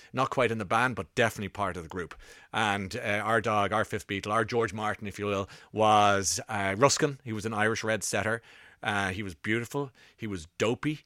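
A middle-aged man hosting a radio show, telling rambling stories with quick asides into a studio mic. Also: fairly low pitch, bright, forceful tone, no echo. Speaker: radio host. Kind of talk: casual radio chat. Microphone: broadcast studio mic.

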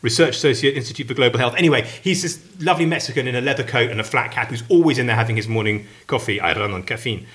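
Brief: male podcast co-host, excitable and rambling, bright, fast delivery. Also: medium pitch. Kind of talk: casual chat.

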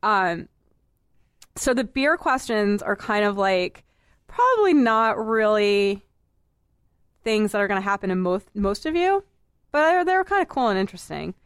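A woman's voice: medium pitch, expressive, smooth, no room sound, clean studio sound. A woman from the area, hosting a casual podcast and pleading with her co-host in exasperation. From Boston area, Massachusetts. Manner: exasperated, pleading, fast asides.

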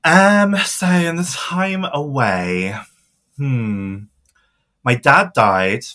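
A man's voice: medium pitch, very slow, sharp tone. A man co-hosting a podcast in casual chat, chatty and laughing often, trailing off with ums. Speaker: podcast co-host.

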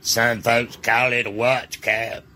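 A man with a Southern US accent speaking in a slow, folksy drawl in a shared video clip. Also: mid-range voice, level tone, pushed and bright.

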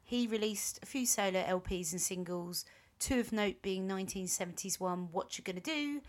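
A woman's voice: mid-range voice, normal speed. A woman co-hosting a podcast, recounting a band's history in a rambling, chatty way full of ums and self-corrections. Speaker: podcast co-host.

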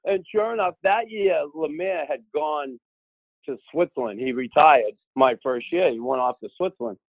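A man telling a long casual anecdote, lively and acting out the voices of the people he quotes. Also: on the high side, normal speed, no room sound. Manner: animated, acts out quoted voices. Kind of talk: casual storytelling. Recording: tinny phone-like audio.

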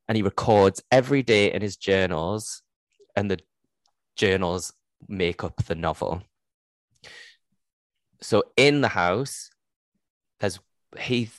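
A woman's voice: rumbling low, dry recording. A young woman with a Geordie accent, co-hosting a casual book chat, laughing often and swearing freely. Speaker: podcast co-host.

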